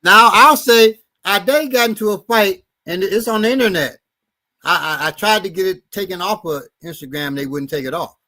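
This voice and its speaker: A middle-aged man hosting a podcast, telling stories in a blunt, profane, animated way. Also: high voice, normal speed. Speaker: podcast host and martial arts instructor. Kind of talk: casual storytelling chat.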